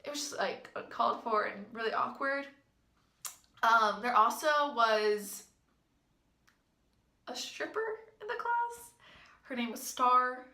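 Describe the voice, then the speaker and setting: A woman's voice: fairly high pitch, animated, takes it slowly, long pauses, bright, forceful tone. A woman vlogger telling a story in a chatty, amused way, full of fillers. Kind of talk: casual storytime vlog. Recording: echoey room.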